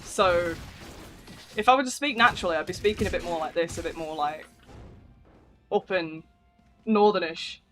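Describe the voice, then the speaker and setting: A man with a thick northern English accent chats loosely with viewers while streaming a game, rambling, dropping slang and the odd swear. His voice sits notably high for a man, with faint music playing underneath. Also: expressive, fast talker, bright, forceful tone. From northern England. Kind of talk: casual live stream chat.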